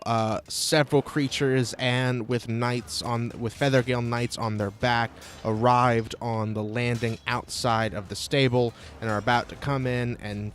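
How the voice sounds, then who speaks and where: A man's voice: mid-range voice, a little hiss or hum. Male game master with a loose, casual delivery and a habit of cursing. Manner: casual and profane, with frequent filler sounds. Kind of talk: running a tabletop game.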